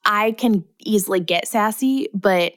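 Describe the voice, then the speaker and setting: Playful young woman, drawn-out emphasis. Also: medium pitch. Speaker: podcast co-host. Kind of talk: casual chat.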